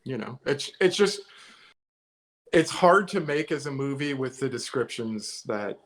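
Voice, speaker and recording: A man's voice: medium pitch, lively intonation, a little slow, fairly bright tone, rough recording. A man co-hosting a casual podcast chat from home, weighing his opinions carefully and hedging as he goes. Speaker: co-host. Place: home, remote live show during lockdown.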